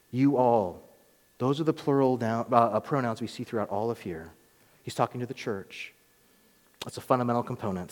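A male pastor delivering a sermon, rising to emphatic peaks and dropping to quiet, earnest lines. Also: mid-range voice, in a large hall. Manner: preaching with rising emphatic swells and quiet drops. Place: church sanctuary.

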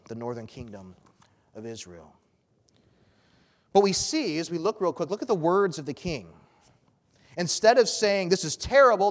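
A man's voice: fairly high pitch, in a large hall. A man preaching an expository sermon as pastor, earnest and emphatic.

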